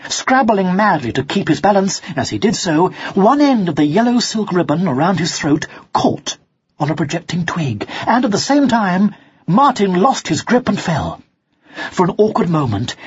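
A narrator reading a children's storybook aloud in a slow, expressive way, on a dull lo-fi recording. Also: mid-range voice, slightly rough. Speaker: audiobook narrator.

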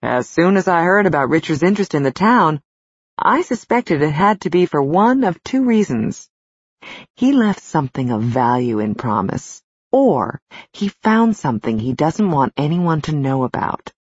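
A woman's voice: sits low, sing-song, normal speed, husky, no echo, heavily acted. A woman narrator voicing a confident man who explains a theory to friends. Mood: assured. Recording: slightly dull, dry studio recording.

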